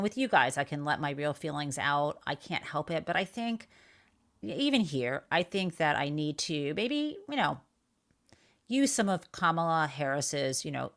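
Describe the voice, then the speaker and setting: Woman host, lowish voice, blunt and fiery, casual live podcast talk. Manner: outraged, blunt, swears freely. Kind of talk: casual political livestream commentary.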